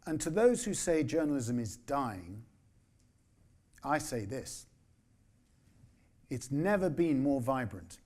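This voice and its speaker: A man in his sixties giving a conference keynote as a newspaper editor. His delivery is measured and emphatic, with dry asides. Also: mid-range voice, a little mellow.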